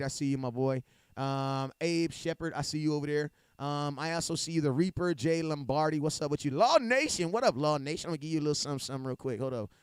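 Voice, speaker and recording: A man's voice: a little high, darkish tone, clean tone, no room sound, studio quality. A man co-hosting a live sports stream, talking in loose slang and laughing often. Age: adult with a young daughter. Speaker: podcast co-host. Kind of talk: casual sports chat. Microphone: home mic on a live stream.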